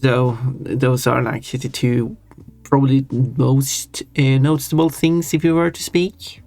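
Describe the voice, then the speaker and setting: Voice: mid-range voice, fairly even intonation, a little slow, a little mellow. A live streamer chatting casually while drawing, musing in a rambling, self-deprecating way. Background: faint chill background music.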